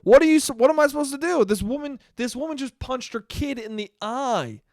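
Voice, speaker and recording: A man's voice: extremely high pitch, lively intonation, a little fast, darkish tone, dry recording, studio quality. A man hosting a solo podcast and telling a rambling story, cursing often and restarting his sentences. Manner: profane, rambling, with many restarts. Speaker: podcast host.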